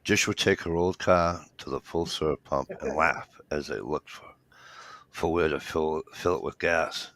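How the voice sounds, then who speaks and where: A man's voice: a bass voice, a little slow, fairly bright tone, no room sound. A man in his fifties in rambling casual chat, swearing freely as he tells stories. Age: 50s. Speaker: podcast co-host.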